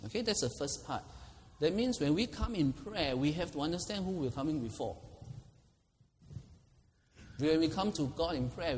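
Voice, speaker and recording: A man's voice: fairly high pitch, a little mellow, big-room sound. A man preaching a sermon, laughing often and acting out quoted prayers.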